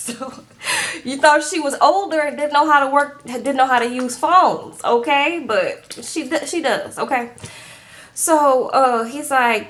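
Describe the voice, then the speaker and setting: A woman recapping a reality TV show in casual chat, animated and acting out the people, often tagging her lines with "okay?". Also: sits high, takes it slowly.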